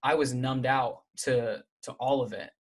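A man in the middle range of pitch speaks as an interview guest, sharing a personal story in a candid, halting way. He restarts often and leans on fillers as he thinks aloud. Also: fairly even intonation.

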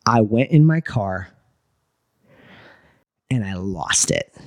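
With a fairly low pitch and a slow pace, a guest entrepreneur relates a story in easygoing talk. He swears, stays animated, and voices the dialogue of the people involved.

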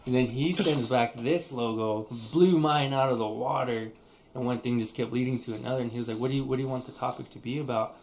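A man's voice: mid-range voice, quick pace, darkish tone. Rambling man, casual podcast co-host. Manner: rambling, frequent restarts and fillers. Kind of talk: casual chat.

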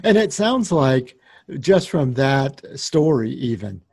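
A man's voice: mid-range voice, sing-song, slow, vocal fry, a little mellow, husky, no room sound, studio quality. A man hosting a casual interview, affirming and reflecting back on what his guest says. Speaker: interview host.

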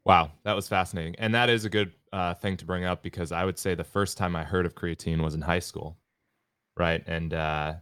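A man co-hosting a podcast in a studio, relaxed and joking in casual chat. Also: low voice, brisk, smooth, no echo. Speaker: podcast co-host.

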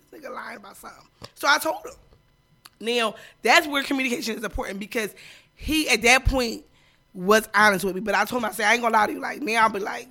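Bright-voiced blunt woman. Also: fairly high pitch. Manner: blunt, emphatic, swears freely. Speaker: podcast co-host. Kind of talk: casual chat.

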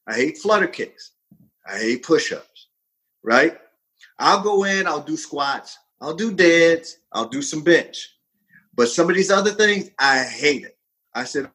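A man in his fifties, a fitness coach, telling a personal story in a lively, casual way, jumping in pitch for emphasis and laughing often. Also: normal speed, slightly rough, rough recording. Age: 50s. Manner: animated, swings pitch widely for emphasis; frequent laughter and profanity.

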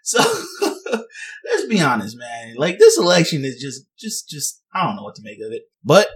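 A man's voice: mid-range voice, huge pitch swings, moderate pace, recorded from a distance. A young man giving sarcastic, rambling casual commentary and laughing at his own jokes. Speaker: vlogger.

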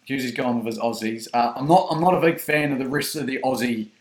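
A New Zealand man chats easily about rugby picks, halting often with ums and restarts. His voice sits at an ordinary middle pitch and rings around an echoey room. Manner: relaxed, hesitant with many ums and restarts. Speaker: podcast co-host. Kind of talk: casual rugby chat.

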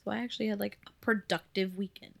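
This podcast co-host speaks fast in a creaky, mid-range voice with fairly even intonation. Her casual talk is chatty and giggly, with "like" scattered throughout.

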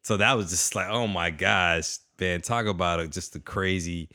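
Co-host, male, very deep voice, excitable and slangy in casual talk. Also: moderate pace. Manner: excitable, slangy, acts out his own reactions. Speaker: podcast co-host. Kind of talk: casual chat.

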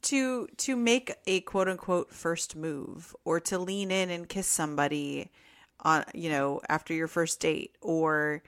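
Chatty low-voiced woman co-host. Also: measured pace, fairly bright tone. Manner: chatty, acts out quoted voices, laughs often. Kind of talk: casual podcast discussion.

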